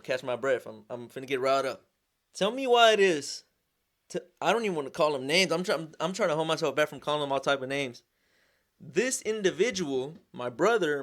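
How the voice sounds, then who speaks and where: Animated young man. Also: mid-range voice. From Southern California. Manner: animated, slangy, frequent restarts and repeated words. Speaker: vlogger, sponsored motorcycle rider. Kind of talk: casual storytelling.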